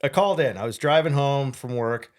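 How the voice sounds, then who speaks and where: Brief: young man, podcast co-host, lively storyteller, ordinary pitch, laughs a lot. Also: a little fast, clean tone. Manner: animated storyteller, acts out quoted voices, laughs often. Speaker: podcast co-host and morning radio host. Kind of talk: casual storytelling chat.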